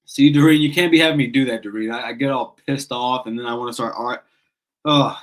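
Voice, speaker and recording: A man's voice: medium pitch, steady tone, brisk, fairly bright tone, rough recording. A man in his thirties hosting a casual sports call-in show, ranting with passion, swearing and restarting his sentences. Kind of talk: casual fan talk show.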